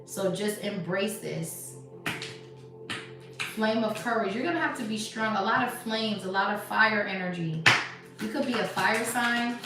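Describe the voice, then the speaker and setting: Animated woman reading tarot, echoey and distant. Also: mid-range voice, measured pace. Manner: animated, emphatic, swings to soft hushed stretches. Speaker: tarot reader. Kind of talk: live tarot reading, casual slangy chat. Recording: echoey room, voice distant from mic, music behind. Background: background music.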